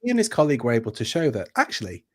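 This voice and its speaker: A man's voice: mid-range voice, wildly swooping pitch, racing. A man with a British accent, an executive coach, telling his story thoughtfully in a livestream interview with hesitant restarts.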